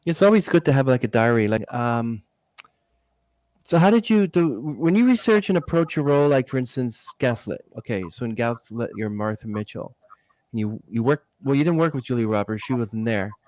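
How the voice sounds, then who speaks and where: A man hosting a podcast interview, stumbling through long questions and rephrasing as he goes. His voice sits at a middle pitch, and the recording is dry and close with no room sound. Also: animated, normal speed, a little mellow, no room sound. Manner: rambling, restarts his questions. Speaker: podcast host.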